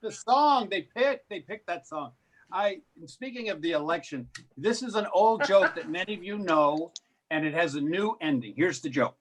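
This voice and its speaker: A man's voice: sits high, animated, moderate pace, fairly bright tone, slight background noise. A man doing a stand-up comedy set on a live stream, with wry, self-deprecating delivery.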